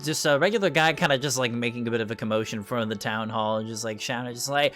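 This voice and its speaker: A man narrating a tabletop game as dungeon master, in a casual, animated way with filler words. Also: mid-range voice, quick pace, few pauses, soft background music.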